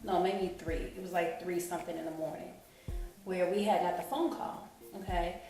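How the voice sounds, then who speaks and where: Rambling through an emotional personal story for her vlog, a woman keeps saying "you know what I'm saying." Her lowish voice is warm and steady at normal speed, and the audio has room echo, a distant mic, and faint music.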